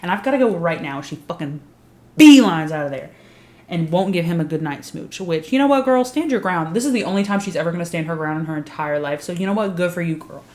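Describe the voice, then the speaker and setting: Lower-voiced woman in a roomy room. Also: fairly quick. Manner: animated storytelling, acting out characters' lines. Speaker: video recap host. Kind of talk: casual profane recap commentary. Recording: roomy echo with faint background hiss.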